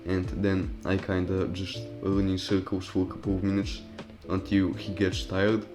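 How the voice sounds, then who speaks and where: A man's voice: low-pitched, monotone, normal speed, over music. A young man casually telling a personal story over gameplay, profane and rambling, with loose restarts. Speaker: storytime commentary YouTuber.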